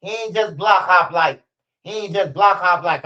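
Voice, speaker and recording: On a stream with dull lo-fi audio, a young man rants casually to viewers at normal speed, his voice on the high side with a sharp tone. His talk is loose, profane street slang with lots of repetition.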